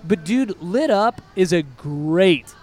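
A man co-hosting a music podcast in casual chat. He talks in a rambling, excitable way and drifts off on tangents. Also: high voice, takes it slowly. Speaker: podcast co-host.

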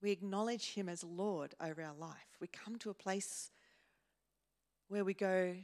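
Slow, measured woman preaching. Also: medium pitch, a little mellow. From Australia. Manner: slow and measured, with pauses and repeated words. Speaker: pastor. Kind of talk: sermon. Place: church hall.

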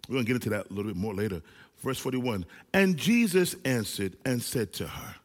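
A male pastor preaching a sermon to a small church gathering, with animated delivery that swings between loud and hushed. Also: fairly low pitch, fairly quick, in a large hall. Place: small church service with few people present.

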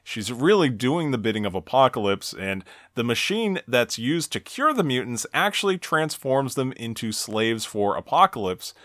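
A man hosts a casual podcast and talks through an episode, often restarting his sentences. His pitch moves around a lot, and the recording is dry and close. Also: sing-song, normal speed, few pauses, a bit bright, dry recording. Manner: conversational, stumbling restarts, laughing. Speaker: podcast host.

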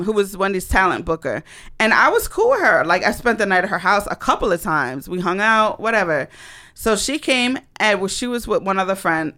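A woman telling a personal story in a casual monologue, animated and blunt, with dramatic emphasis and swearing. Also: medium pitch.

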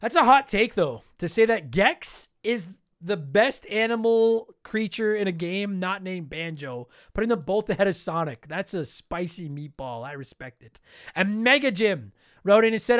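A man's voice: high-pitched, expressive, moderate pace, a bit bright, smooth, dry recording, clean studio sound. A man hosting a gaming podcast, reading listener comments with a profane, sarcastic, laughing manner. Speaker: podcast host.

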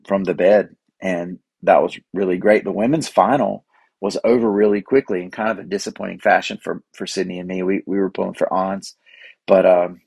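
A man's voice: fairly low pitch, darkish tone, breathy edge, no echo. A man telling a rambling, laid-back story as a podcast host, chatty with fillers and restarts. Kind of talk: casual storytelling monologue.

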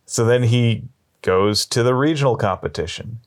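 A man telling long shaggy-dog jokes in a deadpan way, slowing down and pausing as he builds them up. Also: mid-range voice. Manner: deadpan, drawn-out storytelling with slow pauses. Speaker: storyteller.

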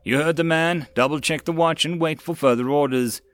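A man's voice: a little high, a little fast, fairly bright tone, dry recording, voice pushed up, natural voice. A man doing a blunt army sergeant. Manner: blunt, questioning.

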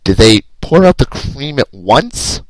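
A man's voice: medium pitch, big pitch swings, a little slow, no room sound, poor audio. A man in his thirties hosting a solo podcast, rambling and self-deprecating with a wry sense of humor. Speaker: podcast host.

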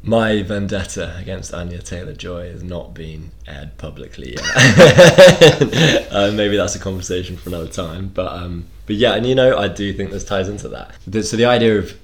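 A man's voice: low-pitched, animated, moderate pace. A man chatting casually as co-host, dropping wry joking asides. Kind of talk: casual chat.

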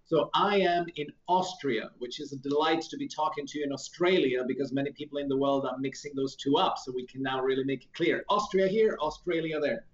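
A man being interviewed as a guest, explaining his sales coaching work in a clear, articulate way. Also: fairly high pitch, a little fast, hardly any pauses. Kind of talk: interview answers. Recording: roomy dull video-call audio.

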